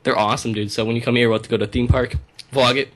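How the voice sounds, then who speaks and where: A man's voice: medium pitch, steady tone, very fast, fairly bright tone, slight background noise. A young man co-hosting a casual gameplay chat, laid-back and teasing his friend. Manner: laid-back, teasing, says "dude" often. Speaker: gaming channel co-host.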